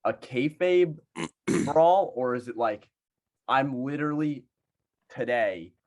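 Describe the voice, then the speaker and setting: A man's voice: mid-range voice, takes it slowly, a little mellow. A young man co-hosting a podcast, casually thinking aloud and asking questions with lots of hesitation. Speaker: podcast co-host.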